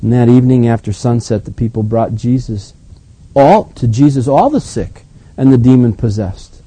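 A man acting as pastor, reading scripture aloud and then commenting on it in a relaxed, conversational way. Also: mid-range voice, moderate pace, slightly rough, no echo, rough recording. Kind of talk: Bible reading with sermon commentary.

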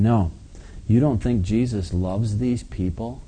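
A man preaches a sermon in a very dark, mellow voice with a slightly husky grain. He talks through scripture, dropping to quiet asides and then building to loud, forceful readings. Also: a little slow. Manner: preaching with big swings in volume and pitch, reading scripture aloud forcefully. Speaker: pastor.

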